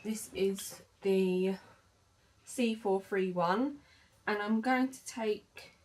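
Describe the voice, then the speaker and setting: A woman's voice: mid-range voice, very slow, darkish tone. A woman chatting casually through a makeup demo, with lots of fillers and self-corrections. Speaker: beauty vlogger. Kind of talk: makeup tutorial chat.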